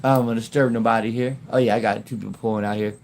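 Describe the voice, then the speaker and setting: A man chatting casually on a livestream from his phone, rambling in halting, broken-off phrases and laughing often. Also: lowish voice, steady tone, a little hiss or hum. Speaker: YouTube livestreamer.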